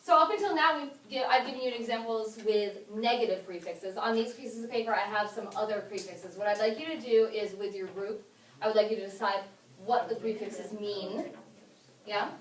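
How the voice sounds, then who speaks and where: A woman's voice: mid-range voice, steady tone, moderate pace. A woman teaching a classroom lesson, upbeat and encouraging, asking lots of questions. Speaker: English teacher. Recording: echoey classroom from far off.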